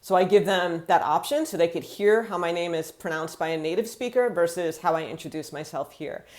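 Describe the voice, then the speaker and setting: An American woman living in France, talking casually to camera and acting out quotes in a chatty, animated way. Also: lowish voice, brisk. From United States.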